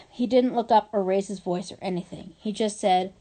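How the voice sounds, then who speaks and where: Warm, mellow-voiced woman reading a kids' novel. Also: medium pitch, normal speed. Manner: lively, expressive storytelling. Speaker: reader. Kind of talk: reading a children's novel aloud.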